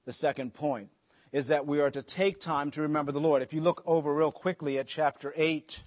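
A man preaching a sermon in a conversational way, with joking asides and slower stretches for emphasis. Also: a little high, fairly even intonation. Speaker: pastor.

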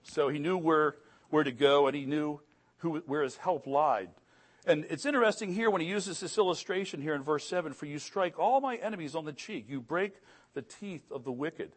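A man's voice: on the high side, normal speed. Earnest middle-aged man preaching a sermon. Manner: earnest preaching, rising emphatically on key phrases; repeats and restarts words. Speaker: pastor.

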